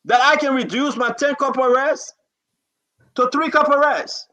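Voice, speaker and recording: Man, very high voice, fervent political talk show host, repeats himself for emphasis. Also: bright, forceful tone, highs cut off. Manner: fervent, rapid repetitions, pleading and scolding. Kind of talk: impassioned political commentary.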